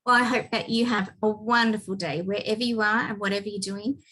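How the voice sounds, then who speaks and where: A woman hosting a children's reading corner, cheerful and expressive as she signs off. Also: medium pitch, brisk, slightly rough. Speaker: children's story reader. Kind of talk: storybook reading.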